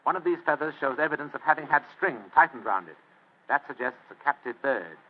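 An actor playing a clever, idle Victorian gentleman in an old radio drama, wry and unhurried. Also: a little high, animated. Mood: scheming. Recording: tinny old radio recording.

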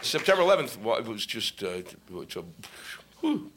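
A man's voice: mid-range voice, very animated, moderate pace, background noise. A male stand-up comic doing a profane, ranting set on stage into a microphone. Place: comedy stage with audience laughing.

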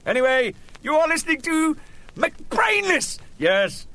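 A man's voice: extremely high pitch, big pitch swings, unhurried, bright, forceful tone. A middle-aged man, hosting a comic monologue in a rambling, jokey, self-mocking way. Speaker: host.

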